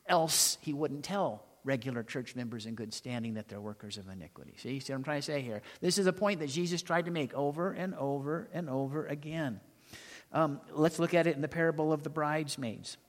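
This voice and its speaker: A man preaching a sermon as pastor, telling stories and asking the congregation rhetorical questions. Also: a little high. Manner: storytelling preacher, rhetorical questions, dramatic pauses. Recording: long hall reverb.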